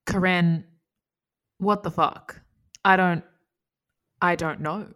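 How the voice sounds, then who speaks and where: An Australian woman with a lowish voice chats as a playful, teasing guest. She jokes her way through the talk and slips into other accents for laughs. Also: steady tone, slow, a bit bright. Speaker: actress guest. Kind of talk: improvised comedy chat.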